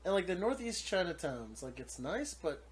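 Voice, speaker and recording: A man's voice: sits high, sing-song, moderate pace, slight background noise. A man co-hosting a podcast, telling a story in casual, profane chat and laughing as he goes. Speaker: podcast co-host.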